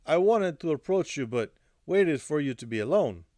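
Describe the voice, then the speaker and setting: A man's voice: fairly high pitch, expressive, moderate pace, mellow, dry recording, clean studio sound, voice pushed up, natural voice. A man voicing a frightened young Russian woman with a Russian accent, speaking in a pleading, breathless way. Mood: fretful.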